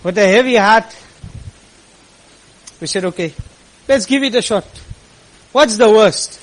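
Male storyteller, high pitch, lively delivery that acts out the dialogue. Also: a little slow, rough recording. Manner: animated, quotes people in lively voices. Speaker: speaker telling a personal story. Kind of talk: storytelling talk to an audience.

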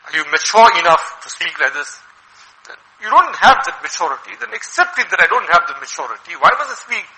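A male preacher with a high voice and a very sharp, forceful tone. He delivers his sermon in an animated way, firing off rhetorical questions at the congregation. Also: a little fast, low-quality recording. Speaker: Islamic preacher.

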